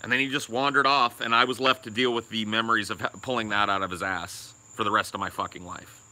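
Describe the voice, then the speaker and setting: A man's voice: lowish voice, steady tone, quick pace, pushed and bright. A young man co-hosting a podcast, telling a rambling, crude story and swearing a lot. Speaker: podcast co-host.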